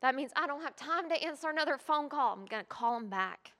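A woman's voice: high voice, expressive, brisk, sharp tone. A woman giving a presentation to a church group on foster care work, earnest and a bit apologetic. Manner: earnest and apologetic, with frequent fillers. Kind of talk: presentation talk.

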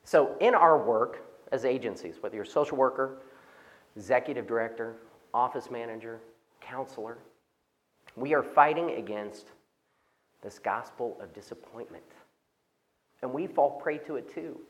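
A man's voice: mid-range voice, normal speed, long pauses. A man giving an inspirational talk to agency workers, telling a story and acting out the reactions of the people in it. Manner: animated, acts out quoted reactions. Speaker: speaker at a conference for social service agencies.

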